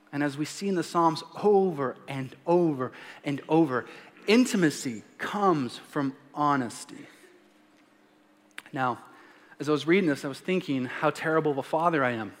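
Young-ish pastor guy preaching, animated, reads verses big, reverby church hall. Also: sits high. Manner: animated preaching, reads scripture aloud with emphasis, playful asides. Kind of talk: sermon.

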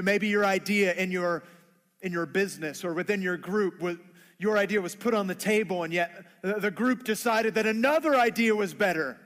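A man's voice: high-pitched, fairly bright tone, long reverb tail. A man preaching a sermon who acts out everyday conversations in playful voices. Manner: acts out dialogue in funny voices. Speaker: pastor.

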